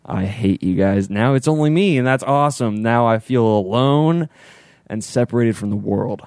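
A man's voice: mid-range voice, moderate pace, darkish tone, no echo, studio quality. A young man co-hosting a casual podcast, grumbling and making self-deprecating jokes. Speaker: podcast co-host. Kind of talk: casual chat.

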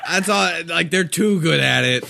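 A man's voice: a little high, gravelly, pushed and bright. A man co-hosting a podcast, dropping wry asides in casual chat. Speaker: podcast co-host.

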